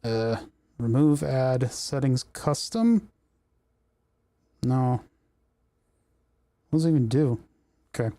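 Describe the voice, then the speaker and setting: Mellow-voiced man muttering through a livestream. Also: mid-range voice, takes it slowly, pauses often, no room sound. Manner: rambling, talks to himself while fiddling with menus. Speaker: livestream host. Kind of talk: casual livestream chat while working. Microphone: desk microphone.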